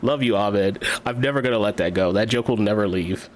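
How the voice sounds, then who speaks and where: A man's voice: on the low side, fairly quick. A man streaming a game, chatting casually with his viewers, laughing often and swearing freely. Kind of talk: casual chat while gaming. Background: game music.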